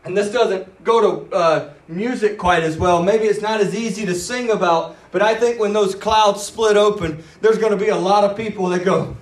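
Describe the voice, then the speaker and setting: A man preaching a sermon in an animated, dramatic way, acting out the quoted words. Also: sits high, moderate pace, few pauses. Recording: roomy, voice from a distance.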